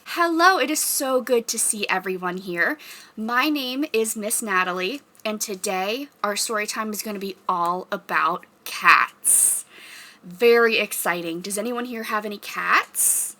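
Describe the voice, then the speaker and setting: A young woman rehearsing a children's story time, reading aloud in an animated, sing-song teacher voice and making animal noises. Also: mid-range voice, unhurried.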